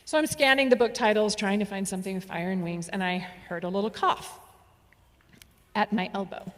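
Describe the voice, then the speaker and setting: A woman telling a story on stage, playful and animated, with laughs and asides. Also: mid-range voice, fairly quick. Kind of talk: live storytelling performance. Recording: reverberant hall.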